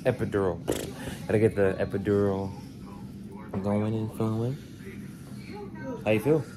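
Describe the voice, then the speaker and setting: A man's voice: on the low side, fairly even intonation, measured pace, noisy background. A young man casually vlogging from a hospital room, talking to his viewers in loose slang. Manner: laid-back, slangy, talks to viewers.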